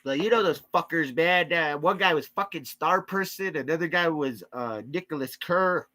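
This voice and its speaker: Young guy, crude improv storyteller, heavy cursing, rambling, bright tense edge to the voice. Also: on the high side, normal speed. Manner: crude, rambling, heavy profanity, constant filler "man". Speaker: comedy vlogger.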